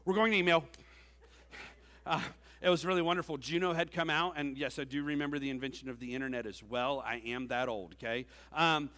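Bright-voiced preacher-teacher. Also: male voice, a little high, big-room sound. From Georgia, USA. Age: middle-aged. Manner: joking, self-deprecating, with frequent "okay?" asides. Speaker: teacher and speaker at a senior ceremony. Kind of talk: conversational sermon-style address.

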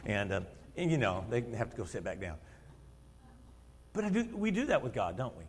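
A man in his fifties preaching a sermon in a church, telling stories in an animated way, acting out quotes and laughing often. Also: lowish voice, a little fast, husky. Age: 50s. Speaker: lay preacher and schoolteacher. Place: church sanctuary. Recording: long reverb of a church hall.

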